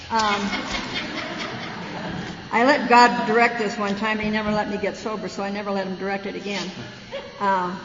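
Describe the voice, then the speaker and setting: American woman, guest speaker at a recovery meeting, folksy and frank, dull lo-fi hall recording with hum. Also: medium pitch. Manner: folksy storytelling, frank and plainspoken. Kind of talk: personal recovery talk.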